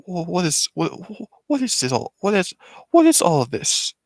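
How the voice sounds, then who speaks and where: In clean, dry studio sound, a man performs a full character voice pitched above his own, high and swooping wildly at a moderate pace. He plays a stern, commanding alien woman leader, issuing orders with urgency.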